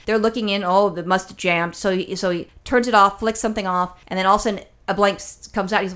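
A woman's voice: mid-range voice, steady tone, fast, few pauses, fairly bright tone. A woman telling a long exasperated story in casual chat, swearing often and acting out both sides of the exchange. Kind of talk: casual chat, ranting anecdote.

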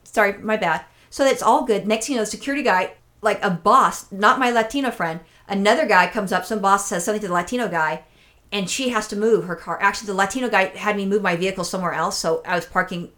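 A woman casually telling a long, animated story on a chat show, acting out the voices of people she met and swearing freely. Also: medium pitch, fast. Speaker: podcast co-host telling a story.

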